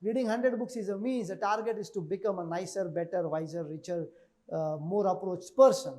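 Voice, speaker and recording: Male trainer, very high voice, emphatic webinar lecture style, repeats key figures and checks in with listeners. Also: brisk, a little mellow. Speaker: speed reading trainer.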